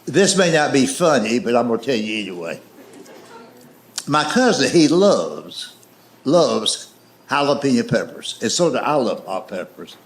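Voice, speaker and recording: A man telling folksy stories on a comedy stage in a drawling, deadpan way. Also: mid-range voice, unhurried. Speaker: stand-up comedian. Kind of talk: stand-up storytelling. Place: comedy stage before a live audience. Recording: echoey live venue.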